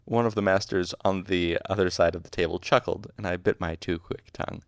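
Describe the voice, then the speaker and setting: A man reads a novel aloud as a casual amateur audiobook, informal in tone and stopping now and then to fix his slips. His deep voice is fairly even in intonation and fairly quick. The recording is studio quality, with no room sound.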